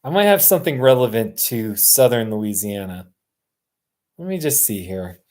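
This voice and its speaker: A man's voice: medium pitch, sing-song, moderate pace, a little mellow. A man hosting a casual live stream, rambling and answering viewers' comments. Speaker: livestream host. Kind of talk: casual livestream chat.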